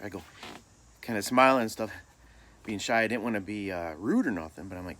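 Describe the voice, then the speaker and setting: Laid-back low-voiced man telling stories. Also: normal speed, fairly bright tone, a little hiss or hum. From Michigan. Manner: laid-back, self-deprecating humor. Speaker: storyteller vlogger. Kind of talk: casual storytelling.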